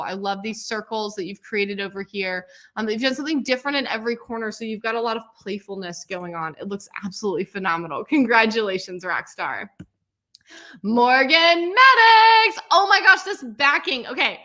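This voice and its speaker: A woman hosting a quilting class celebration, gushing with praise and calling out each student's name with a loud cheer. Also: fairly high pitch. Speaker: quilting teacher and host. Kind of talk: livestream celebration of student work.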